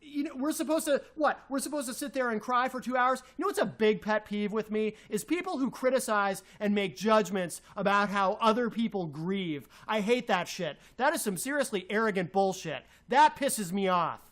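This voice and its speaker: A man's voice: sits high, normal speed, hardly any pauses, a bit bright. A man co-hosting a talk show, ranting in a heated voice, repeating himself and hurling insults. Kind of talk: angry radio rant.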